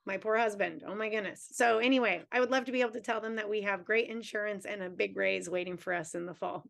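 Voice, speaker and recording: Earnest union lady in her 30s at a town hall, talks in long run-ons, middle pitch. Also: fairly even intonation, quick pace, creaky, fairly bright tone. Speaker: teachers' union president. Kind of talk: town hall panel answers.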